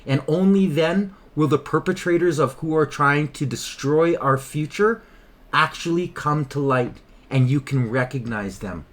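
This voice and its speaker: A man's voice: a little high, measured pace, a bit bright. A man hosting his own channel, delivering an impassioned, emphatic political commentary monologue with frequent repetition. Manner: impassioned, emphatic, repeats himself. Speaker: channel host.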